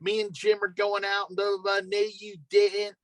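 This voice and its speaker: A man putting on a chatty small-town woman with a Philadelphia accent, in a bright voice with drawn-out vowels. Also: medium pitch, completely flat delivery, no echo, voice pushed up, lightly acted. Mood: gossipy.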